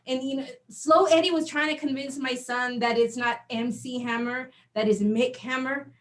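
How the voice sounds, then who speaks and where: Animated middle-aged woman doing stand-up. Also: high voice, normal speed. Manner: animated storytelling, acts out dialogue. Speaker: stand-up comedian. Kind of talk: stand-up comedy set.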